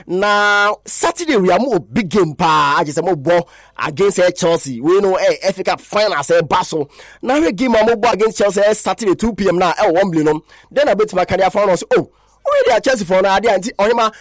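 A man presenting a radio sports news report in a lively, chatty way. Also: high-pitched, brisk, no echo, clean studio sound.

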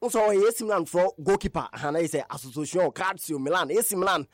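A man with a Ghanaian accent reads a radio sports roundup in a high, bright-topped voice. His delivery is animated and emphatic, hammering points with repetition. The sound is close and dry, with no room around it. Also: fast, no echo.

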